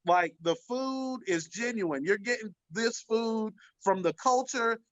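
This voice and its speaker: A man from the American South trading comedic rants on a panel, animated and laughing, rising to shouts to make a point. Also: high-pitched, slow, dry recording, highs cut off. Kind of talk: casual comedic banter.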